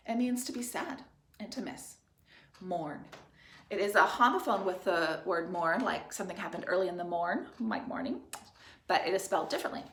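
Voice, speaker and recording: A woman who teaches third grade, dictating spelling words slowly and clearly and spelling out each letter and syllable. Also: medium pitch. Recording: echoey room.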